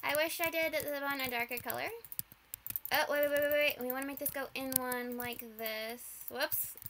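A young woman commentating on her own gameplay, flustered, rushing and apologizing with nervous laughs. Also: sits high, fairly even intonation, fairly bright tone, a little hiss or hum. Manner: flustered, rushed, apologetic, giggly. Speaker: gamer.

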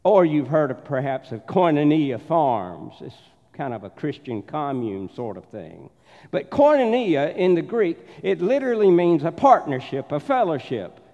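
Southern pastor preaching in a reverberant church. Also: male voice, on the high side, very animated, moderate pace, mellow. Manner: storytelling, acts out the voices in his anecdotes. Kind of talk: sermon. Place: church sanctuary. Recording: dull sound with long church reverb.

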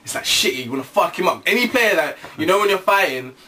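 A man's voice: sits high, lively intonation, fast, sharp tone, far from the mic. A young man in casual chat as co-host, jokey and profane, laughing often. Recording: faint background hiss.

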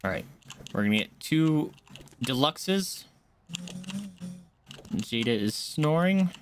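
A man's voice: on the high side, lively intonation, slow pace, a little hiss or hum. A man streaming a horror game, muttering and swearing as he panics. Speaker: gaming streamer. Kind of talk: live gameplay reactions.

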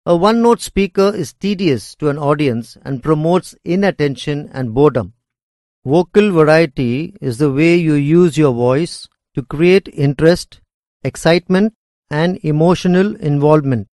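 A man reading a scripted lesson on speaking skills in a measured, deliberate way. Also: a little high, a little mellow, dry recording, studio quality. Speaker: instructor.

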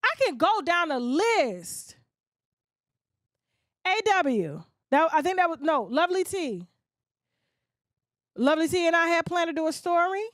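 A woman's voice: very high-pitched, very animated, measured pace, pauses often, a bit bright, no room sound, clean studio sound. A woman blogger delivering a blunt, profane rant, mockingly mimicking other people. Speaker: gossip blogger. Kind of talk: ranting monologue.

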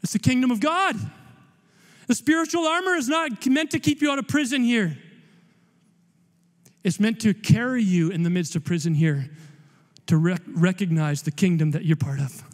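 High-voiced male preacher in echoing hall. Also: normal speed. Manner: animated, conversational preaching with playful asides. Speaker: guest pastor. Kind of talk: sermon. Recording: long hall reverb.

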